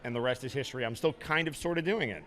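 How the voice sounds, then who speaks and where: A man in his thirties, a voice actor, chatting casually in an interview and telling stories in a lively way. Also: mid-range voice. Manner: fast, lively storytelling. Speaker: voice actor guest.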